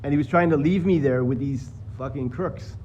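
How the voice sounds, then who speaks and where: A man's voice: medium pitch, normal speed, a little mellow, muffled recording, a little hiss or hum. Profane rambling man. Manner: rambling, profane, acts out quoted voices. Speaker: livestreamer telling a personal story. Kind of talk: casual storytelling to viewers.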